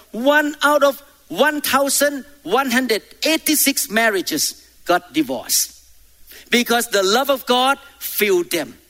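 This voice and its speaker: Man from Thailand, pastor, slow emphatic sermon, high bright voice. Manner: emphatic preaching with calls to the congregation. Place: church.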